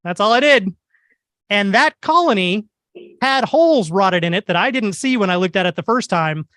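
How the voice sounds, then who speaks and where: A beekeeper speaking at a club meeting, telling a story in an animated, wry way. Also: male voice, high-pitched, moderate pace, no echo. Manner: animated, wry anecdotal delivery. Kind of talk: humorous storytelling talk.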